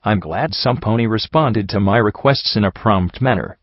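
A man reading the lines of a calm, dignified aristocratic unicorn prince in a storybook. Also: lowish voice, normal speed, no room sound, muffled recording, natural voice.

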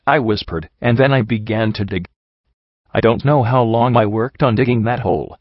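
Guy reading a sad storybook chapter, lowish voice, dry close sound. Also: normal speed, no echo. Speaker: audiobook reader. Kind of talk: first-person storybook narration. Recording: dull lo-fi sound.

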